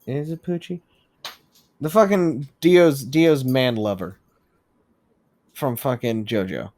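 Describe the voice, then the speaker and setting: A man co-hosting a podcast, chatting casually and profanely about wrestling, laughing and riffing on jokes. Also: mid-range voice. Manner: excitable, profane, quick to laugh and riff. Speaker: podcast co-host. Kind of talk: casual wrestling recap chat.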